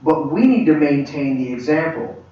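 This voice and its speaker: A man teaching a church leadership class in a conversational, halting way, with many restarts. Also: fairly high pitch, expressive. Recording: echoey room, far from mic, dull.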